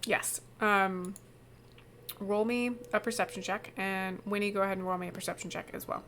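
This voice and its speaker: A woman narrating as game master of a tabletop game in an unhurried, hesitant way, with many fillers. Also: medium pitch, fairly even intonation, a bit bright, slight background noise.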